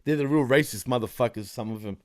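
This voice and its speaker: A man with an Australian accent, a podcast guest talking in an animated, slangy way with plenty of swearing, often slipping into other accents. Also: mid-range voice, quick pace. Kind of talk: casual chat.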